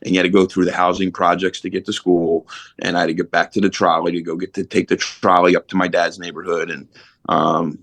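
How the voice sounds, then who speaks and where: A man spins long, streetwise stories from his past, swearing as easily as he breathes. His voice sits very low, and the recording is dry and close, with no room around it. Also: little pitch movement, a little fast, a bit bright, dry recording. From Philadelphia. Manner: rambling, streetwise, swears casually. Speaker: podcast guest. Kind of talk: casual storytelling.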